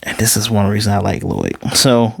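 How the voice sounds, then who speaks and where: A man recapping an anime episode in casual talk, animated and quick to slip into quoted voices. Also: lowish voice, vocal fry, breathy edge, no echo, studio quality. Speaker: anime reviewer.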